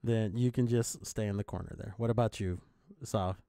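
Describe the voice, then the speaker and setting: A man's voice: fairly low pitch, fairly even intonation, moderate pace, creaky, warm tone, dry recording, studio quality. A man hosting a casual chat with friends, blunt and teasing, swearing freely. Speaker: podcast host.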